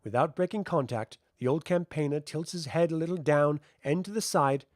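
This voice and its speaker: A man doing a live reading of a fantasy novel, narrating in an expressive, animated way. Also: on the high side, moderate pace, dry recording, studio quality. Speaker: audiobook reader.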